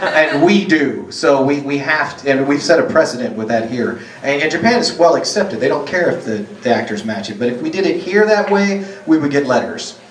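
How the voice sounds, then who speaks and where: A man's voice: on the high side, lively intonation, moderate pace, few pauses. A male voice actor in a joking, irreverent mood, answering fan questions at a convention panel. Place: large convention hall. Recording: echoey hall, far from the mic.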